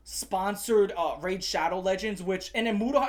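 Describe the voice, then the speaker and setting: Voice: mid-range voice, a little fast, few pauses. A commentary host ranting angrily, swearing often and repeating phrases for emphasis. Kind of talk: profane angry rant.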